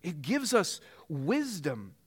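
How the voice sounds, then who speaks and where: A male pastor preaching a sermon in an animated, conversational way that climbs to emphatic peaks. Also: fairly high pitch, slow, slightly rough.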